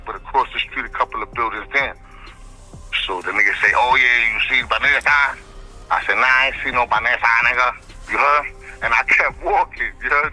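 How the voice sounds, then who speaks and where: A man's voice: mid-range voice, bright, forceful tone, rough recording. A man from the Bronx, telling street stories as a guest in an interview. He talks in slang, rambles, and keeps checking in with "you know what I'm saying.". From the Bronx, New York. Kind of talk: street storytelling.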